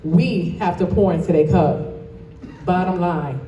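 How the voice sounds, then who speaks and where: A woman from Toledo, Ohio, delivers an emphatic motivational speech and calls out to the audience directly. Her voice is mellow and relaxed in tone. It sounds echoey, as if picked up from a distance in a large event hall. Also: fairly low pitch, measured pace, lo-fi sound, a little hiss or hum. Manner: passionate, emphatic, addresses the crowd directly. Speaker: guest speaker and dance studio owner.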